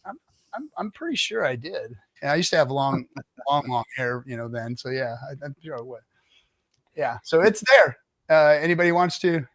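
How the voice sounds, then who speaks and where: A bright, forward-sounding man with a slightly high voice tells a rambling story on a stream. He acts out the other people in it, and he sounds dry and close on his mic. He is middle-aged and talks in a loose, casual way. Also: normal speed, no echo. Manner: animated anecdote-telling, acts out other people's lines. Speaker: livestream guest telling stories.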